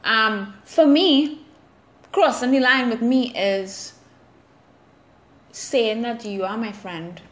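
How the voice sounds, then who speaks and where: A woman's voice: fairly high pitch, slow, pauses often. A woman hosting a solo podcast, talking candidly and reflectively about friendship and laughing at herself. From Trinidad and Tobago. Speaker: podcast host. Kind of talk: casual solo podcast monologue.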